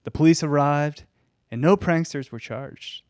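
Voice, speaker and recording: Guy hosting a history podcast, reads his notes flat and dry, no room sound at all. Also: fairly high pitch, measured pace, dry recording. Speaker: podcast host. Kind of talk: reading history notes in casual chat.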